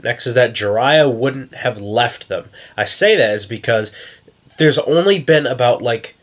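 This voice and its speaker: A man with a stuffed-up nose hosting his channel, thinking aloud in casual commentary with frequent restarts. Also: medium pitch. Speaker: YouTube host.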